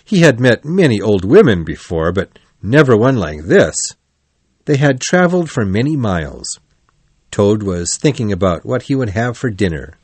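A man reading a children's storybook aloud as narrator, in an even, clear storytelling delivery. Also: lowish voice, normal speed, dry recording.

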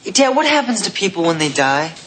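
An actor playing a young man, the teenage son, joking and animated in a sitcom. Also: sits high, a little fast, a little hiss or hum. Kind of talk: sitcom acting. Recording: sitcom audio with studio audience laughter.

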